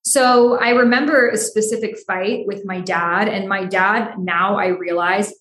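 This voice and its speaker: A young woman from the United States tells her own story as a podcast guest. She speaks frankly and with energy, and "like" keeps slipping into her sentences. Her voice sits at a middle pitch, and the room around her gives it a noticeable echo. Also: measured pace. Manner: frank, animated, frequent "like" fillers. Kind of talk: candid personal storytelling. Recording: roomy echo.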